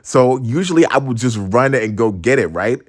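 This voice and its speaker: A young man in his twenties telling a funny personal story in a casual, slangy and animated way. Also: mid-range voice, moderate pace. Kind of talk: storytime vlog.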